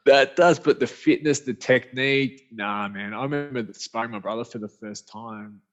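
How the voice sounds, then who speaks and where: This Australian guest on a podcast, an author and speaker by trade, talks at a moderate pace with a medium-pitched voice. His storytelling is casual, slangy and animated, wandering along with lots of restarts, all captured in dull, lo-fi audio.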